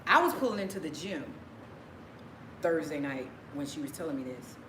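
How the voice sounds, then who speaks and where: Woman vlogger, low-pitched voice, rambling casual storyteller who repeats herself, noisy background. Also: very animated, moderate pace, a bit bright. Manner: rambling, repeats phrases, emotional retelling. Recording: echoey room with background noise.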